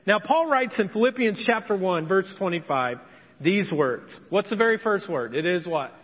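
High-voiced man preaching in an echoey hall. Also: lively intonation, normal speed. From Indiana, USA. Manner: conversational, acts out quoted voices. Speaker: pastor. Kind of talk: sermon. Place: church sanctuary. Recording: echoey hall, dull lo-fi sound.

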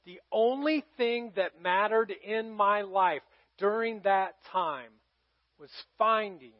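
A middle-aged male pastor telling a personal story in a sermon, conversational, swinging from loud calls to hushed moments. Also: high voice, takes it slowly, no room sound, highs cut off.

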